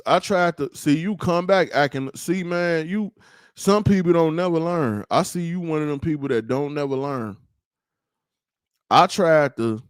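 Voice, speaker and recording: A man hosting his own livestream, ranting in a loose, slangy, rambling way with plenty of animated asides. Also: on the high side, smooth, dry recording, studio quality. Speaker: livestream host. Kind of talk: casual livestream rant.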